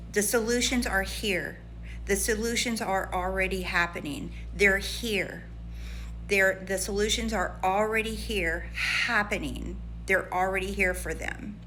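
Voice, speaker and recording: A woman's voice: mid-range voice, a little hiss or hum. A woman casually telling a story to her audience, animatedly acting out what she and a friend said. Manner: animated, acts out quoted voices in a retelling. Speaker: lifestyle and manifestation creator.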